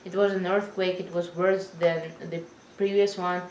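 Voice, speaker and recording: A young woman chatting casually with her roommates, pausing and searching for words and laughing often. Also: lowish voice, little pitch movement, a little mellow, roomy sound, slight background noise, low-quality recording. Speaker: vlog co-host, roommate. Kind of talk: casual chat.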